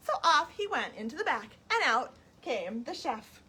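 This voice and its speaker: Bright animated children's storyteller woman. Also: sits high, normal speed. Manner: lively, inviting children to sing along. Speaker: library storyteller. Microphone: webcam on a live stream.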